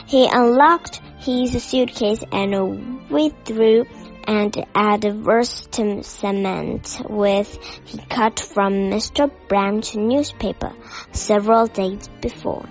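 A woman narrates a children's storybook at a very slow, careful pace. Her voice sits on the higher side. The recording is slightly dull and lo-fi, with faint music behind it. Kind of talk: storybook reading.

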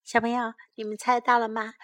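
A woman reading a children's story aloud in two languages and teaching English, slowly and clearly repeating phrases for learners. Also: fairly high pitch. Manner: lively storybook delivery.

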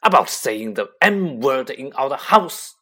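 Storybook bully uncle, blustering and loud, raised and lively pitch, read by a man. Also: a little slow, husky, full character voice. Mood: roaring. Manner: roaring, snarling, thundering.

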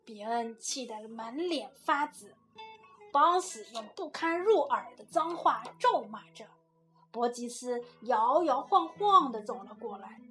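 A mother reading a children's storybook aloud in a steady, clear way. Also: fairly high pitch, unhurried, soft background music.

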